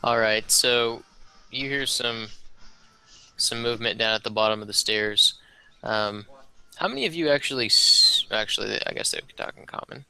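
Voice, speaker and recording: A man's voice: mid-range voice, normal speed, gravelly, bright, forceful tone, smooth, rough recording. A man narrating as game master in a casual, hesitant way.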